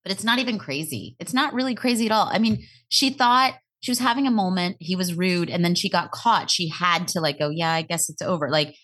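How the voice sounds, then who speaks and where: A woman co-hosting a podcast in casual chat, animated and acting out lines in voices as she recaps a TV show. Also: lowish voice, fairly quick, hardly any pauses, slightly rough. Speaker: podcast co-host.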